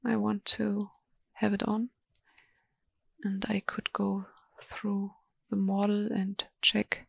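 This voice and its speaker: Female webinar presenter, halting and monotone, dry sound with mouse clicks. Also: medium pitch, gravelly, slightly rough, no echo. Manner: slow, hesitant, many ums and restarts. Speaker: software presenter. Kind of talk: live software demo webinar.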